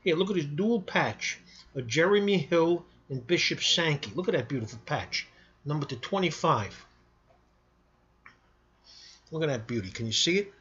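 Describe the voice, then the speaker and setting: Pushy, bright-voiced man hawking cards. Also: a little high, expressive, moderate pace, pauses often, slightly rough, lo-fi sound. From New York. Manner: blunt, pushy, salty. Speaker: sports card seller. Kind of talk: casual sales pitch to camera.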